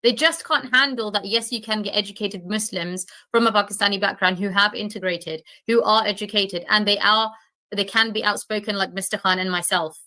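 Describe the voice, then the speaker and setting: Indignant British woman, bright voice. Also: medium pitch, brisk. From United Kingdom. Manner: indignant, scornful, insulting. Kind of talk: heated reaction commentary.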